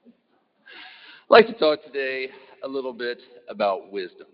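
A man's voice: medium pitch, big pitch swings, unhurried. Guy giving a laid-back talk, pokes fun at himself, voice rings around a big hall, sound a bit dull. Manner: easygoing, self-deprecating, asks the audience questions. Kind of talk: folksy talk opening with a joke. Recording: muffled sound in an echoey hall.

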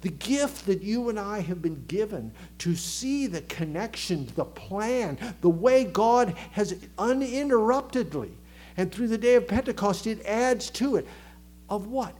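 A man preaching a sermon with a Southern American accent, animated, acting out crowd voices and dropping to a hush for emphasis. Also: sits high, a little slow. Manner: animated, acts out crowd voices, swings from loud to hushed. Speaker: pastor.

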